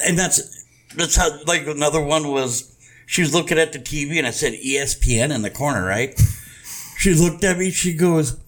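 A man hosting a podcast, telling profane stories in casual chat, with animated swings in his voice. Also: fairly high pitch, moderate pace. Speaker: podcast host.

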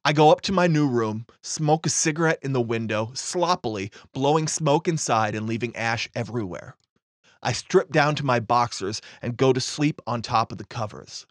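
A man's voice: mid-range voice, no room sound. A man telling a first-person story in a matter-of-fact, understated way.

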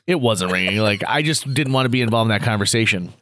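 A man hosting a podcast, telling an anecdote in a casual chat and acting out other people's lines with quick asides. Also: on the low side, animated, fairly bright tone, no echo, studio quality. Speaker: podcast host.

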